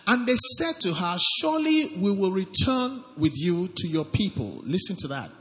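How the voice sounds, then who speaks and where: A man's voice: high voice, sing-song, moderate pace, fairly bright tone, in a large hall. A man pastor preaching a sermon, reading scripture aloud and calling for amens from the congregation. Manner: preaching with call-and-response, reads scripture aloud.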